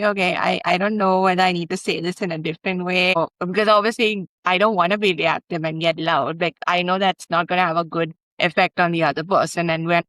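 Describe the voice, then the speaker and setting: A woman's voice: fairly low pitch, no room sound, poor audio. Thoughtful woman with many fillers. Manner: thoughtful and searching, lots of "like" fillers, soft laughs. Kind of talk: casual conversational talk.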